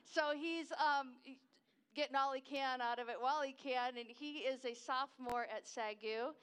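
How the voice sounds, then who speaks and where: She speaks high-pitched at a normal speed, her intonation fairly even and her tone clean. This American woman in her fifties is giving an enthusiastic, talkative missionary talk in church, wandering off topic and chuckling at her own expense.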